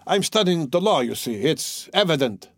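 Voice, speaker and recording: A man doing a young male student who is eager and sharp, pitched noticeably higher and a little louder than the reader's own voice. He sounds excited and insistent, and the recording is very dry and close. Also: normal speed, no room sound, full character voice.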